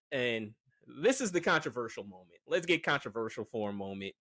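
A man's voice: medium pitch, a bit bright, no room sound, clean studio sound. A man giving a casual, rambling movie review, frank and full of fillers. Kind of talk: casual opinion monologue.

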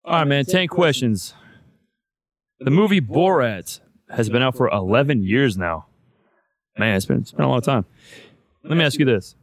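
A man's voice: medium pitch, lively intonation, moderate pace, pauses often, no room sound, studio quality. A man hosting a podcast in casual chat, loose and profane, saying "man" all the time. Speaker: podcast host.

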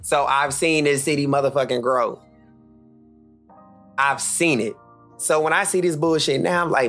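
A man's voice: normal speed, pauses often, a bit bright, faint music behind. A man in his thirties from Charlotte, North Carolina, hosting a solo podcast as a blunt, heated rant full of cursing. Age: 30s. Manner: blunt, heated, cursing freely, swings pitch up for emphasis. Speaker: podcast host.

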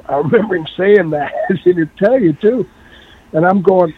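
A man telling a long story in a casual, animated way and acting out the voices of the people in it. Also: sits high, normal speed, breathy edge. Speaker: guest. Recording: tinny phone-like line.

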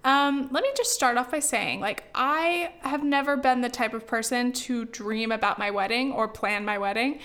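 Vlogging casually, a young West Coast American woman rambles on at a moderate pace with few pauses. Her slightly high voice has a fairly bright tone, and she keeps dropping in "like" and "you know" alongside sighs and laughter.

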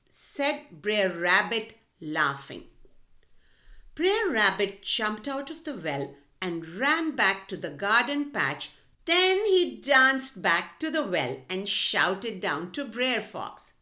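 A woman reading a folktale aloud to children, gentle and expressive, talking to them directly. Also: mid-range voice, slow. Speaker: children's storyteller. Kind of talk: storybook read-aloud for children.

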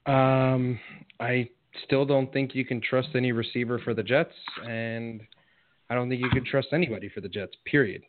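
A man's voice: medium pitch, steady tone, moderate pace. A man co-hosting a casual sports chat, hesitant and skeptical, often repeating himself, over tinny phone-like audio. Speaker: co-host.

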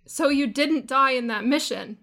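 A woman's voice: sits high, moderate pace, pushed and bright, pitched above the performer's own voice. A woman voicing a grieving female alien friend in a tabletop role-play, reproachful and emotional. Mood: surprised.

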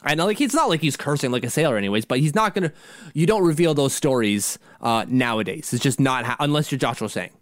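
A man's voice: medium pitch, lively intonation, fast, no room sound, clean studio sound. A man co-hosting a sports podcast in casual chat, rambling with many restarts. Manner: rambling, frequent restarts and laughs. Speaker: podcast co-host.

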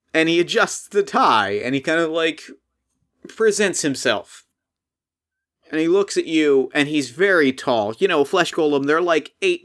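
A man narrating a tabletop game as game master, slow and hesitant with many restarts. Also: fairly high pitch, a bit bright.

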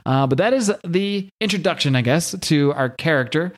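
A man's voice: on the high side, lively intonation, moderate pace. A man hosting a comic book podcast, casually recapping a story and asking his co-host's view. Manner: casual, amused, retelling plots. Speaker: podcast host.

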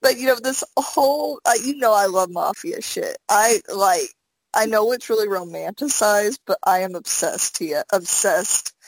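A woman's voice: medium pitch, unhurried, dry recording, poor audio. A woman co-hosting a podcast, chatting casually, giggling and swearing freely as she talks. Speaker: podcast co-host. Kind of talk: casual chat.

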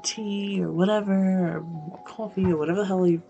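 A woman's voice: medium pitch, steady tone, brisk, vocal fry, dark tone, dull audio, faint music behind. A young woman in casual chat, rambling with many fillers and swearing freely.

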